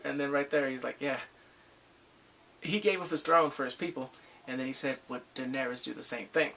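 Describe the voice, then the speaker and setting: A young man recapping a TV episode in casual chat, animated and acting out scenes with loud exclamations. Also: mid-range voice, moderate pace, gravelly, husky. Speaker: TV show reviewer.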